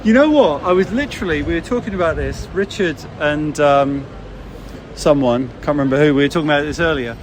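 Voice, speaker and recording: A high-voiced male podcast host, excitable and casual as he interviews a guest. He swears easily. Faint street noise carries behind him. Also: brisk.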